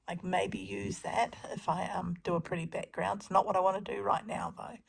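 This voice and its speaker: Woman, middle-aged, craft vlog voice-over, gravelly, lowish voice, chatty, self-deprecating. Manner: chatty, self-deprecating, with many ums and restarts. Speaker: crafting vlogger. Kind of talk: casual voice-over narration of a craft video.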